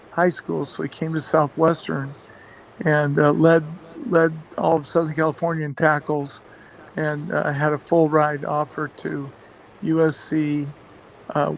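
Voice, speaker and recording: A man's voice: fairly high pitch, creaky, slight background noise, poor audio. A man who coaches football, telling rambling stories in a radio interview, full of fillers and restarts, chuckling as he goes. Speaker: football coach and play caller. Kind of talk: casual anecdotes in a radio interview.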